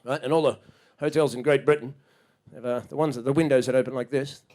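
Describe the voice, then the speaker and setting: At a quick pace and with fairly even intonation, a man delivers stand-up on a small club stage. His routine is a disbelieving, sweary rant, punctuated by loud high shouts as he acts out other people.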